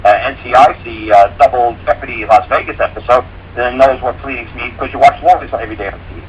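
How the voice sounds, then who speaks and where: A man's voice: mid-range voice, fast talker, a little hiss or hum, low-quality recording. A man talking as a guest on a radio show, blunt, folksy and profane, explaining things through homespun stories. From rural mountain area. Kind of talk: casual radio talk.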